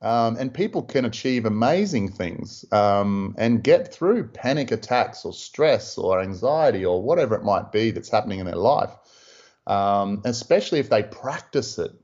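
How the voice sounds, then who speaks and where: Low-voiced Australian man, lo-fi sound. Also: normal speed. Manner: relaxed, rambling, lots of "you know". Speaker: freediving instructor and guest. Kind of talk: casual interview storytelling. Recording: dull lo-fi audio.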